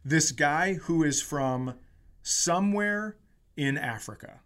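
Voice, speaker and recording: A man's voice: on the high side, slow. A male comedian co-hosting a podcast, chatting casually. He tells stories with energy and acts out the voices of the people in them. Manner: animated storyteller, acts out quotes, giggles. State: tired and hungover during the story. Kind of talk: casual storytelling chat.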